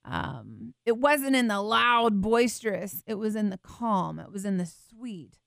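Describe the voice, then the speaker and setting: Earnest woman teaching the Bible, smooth voice. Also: medium pitch, sing-song, unhurried, a bit bright, dry recording, clean studio sound. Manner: earnest, tender, reading scripture expressively. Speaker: show host teaching the Bible. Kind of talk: devotional teaching with scripture reading.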